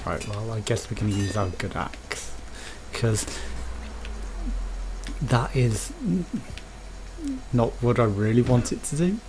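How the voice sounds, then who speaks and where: A let's play host with a Birmingham accent gives chatty, rambling commentary while gaming, thinking aloud as he goes. His voice is on the low side, slow and full of pauses, over a noisy background.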